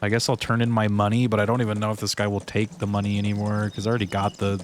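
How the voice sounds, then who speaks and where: Laid-back gamer dude commentating. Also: male voice, on the low side, completely flat delivery, rapid-fire, a little hiss or hum. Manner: laid-back, slangy, says "dude" often. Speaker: streamer. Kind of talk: live gameplay commentary.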